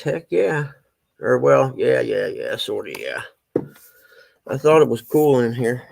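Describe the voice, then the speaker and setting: A man's voice: mid-range voice, lively intonation, a little slow, vocal fry, husky, poor audio. A middle-aged man chatting casually on a livestream, folksy and a little out of breath, talking to his pets and viewers.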